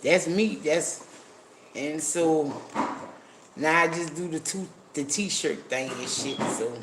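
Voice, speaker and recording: High pitched dude on a livestream, slow and laid back, cussing, bit of background hiss. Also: male voice. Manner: blunt, profane, reads viewer comments aloud. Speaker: livestream host. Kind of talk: casual livestream chat.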